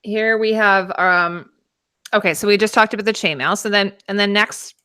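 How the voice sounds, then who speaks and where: Woman host with a bright tone and dry sound; chatty explainer with many fillers. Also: medium pitch, steady tone, moderate pace, clear, resonant tone, dry recording. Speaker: costume show host. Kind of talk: casual chat.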